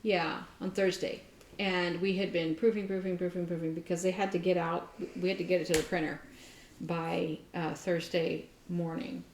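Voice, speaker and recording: Woman, casual co-host chat, animated storytelling, self-mocking, echoey room. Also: fairly low pitch, normal speed, slight background noise. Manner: animated storyteller, laughs at herself. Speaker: podcast co-host. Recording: roomy echo.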